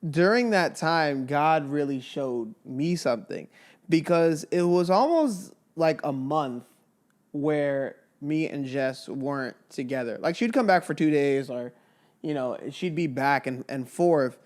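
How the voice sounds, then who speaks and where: A young man co-hosting a casual podcast with his wife. His voice sits a bit high for a man, and he talks in quick, playful asides that turn earnest when he reflects. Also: animated. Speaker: podcast co-host. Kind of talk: casual chat.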